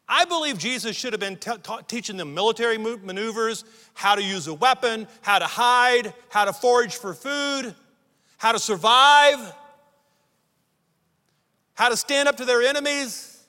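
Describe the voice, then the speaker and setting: Bright, high-voiced preacher in a hall. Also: male voice, lively intonation, moderate pace. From United States. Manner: emphatic preaching, building lists and repeated phrases. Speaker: pastor. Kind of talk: sermon. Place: church sanctuary. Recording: long reverb of a large hall.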